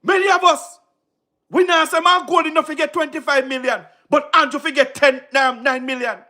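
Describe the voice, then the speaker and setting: A man with a Jamaican accent gives passionate political commentary on a livestream in a very high-pitched, steady voice at normal speed. His tone is bright and forceful. He's emphatic and repetitive, firing off rhetorical questions and laughing between points.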